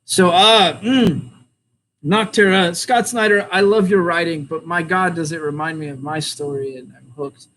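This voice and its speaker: A man's voice: fairly high pitch, fairly even intonation, normal speed, a bit bright, a little hiss or hum, rough recording. An American man with a rambling, opinionated manner, chatting casually while reviewing comics and laughing often.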